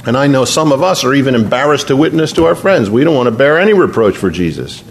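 A man's voice: mid-range voice, expressive, quick pace, gravelly, a little hiss or hum. A man preaching a sermon in an earnest, conversational way, slipping into spoken prayer. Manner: earnest, conversational, prays aloud mid-sermon.

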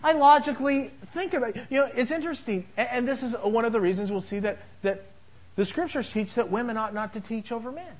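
A middle-aged pastor with an extremely high-pitched voice talks fast through a sermon on a rough recording. He jokes his way through family anecdotes, acting out both sides of the conversations.

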